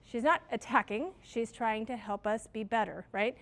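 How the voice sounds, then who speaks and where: A woman's voice: on the high side, normal speed, fairly bright tone. A middle-aged woman who manages a restaurant, giving her staff a casual, story-filled training talk on leadership. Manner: casual, chatty, self-deprecating with stories.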